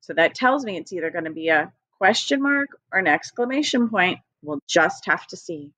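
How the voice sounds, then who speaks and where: A woman's voice: fairly low pitch, expressive, moderate pace, fairly bright tone, no room sound. A woman teacher leading a recorded early-grade phonics lesson, patient and encouraging, spelling out letters one by one. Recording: dry, dull lo-fi home recording.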